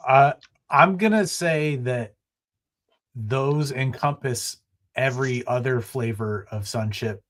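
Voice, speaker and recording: A podcast co-host chats casually in a slow, mid-range voice. He's an animated storyteller, sharing anecdotes and acting out the quotes.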